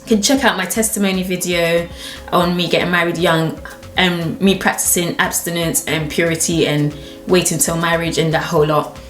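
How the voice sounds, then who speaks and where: A woman's voice: fairly low pitch, fairly even intonation, moderate pace, fairly bright tone. A young adult woman hosting her own channel, chatting casually to camera and telling stories expressively, laughing easily. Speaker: channel host. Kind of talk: casual vlog chat to camera. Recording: roomy echo with faint background music.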